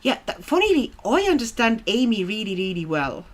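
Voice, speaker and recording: A woman's voice: fairly high pitch, very animated, fairly quick. A woman whose first language is not English chats her way through a coloring livestream. Her talk is easygoing and friendly. She reads viewer comments aloud, often with a laugh. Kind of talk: casual livestream chat while coloring.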